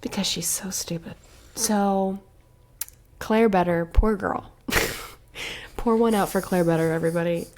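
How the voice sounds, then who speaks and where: Woman co-host, unhurried delivery, sarcastic and swearing, laughs a lot, casual book chat. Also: medium pitch, fairly even intonation, a little mellow, slight background noise. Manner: sarcastic, profane, laughing often. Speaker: podcast co-host.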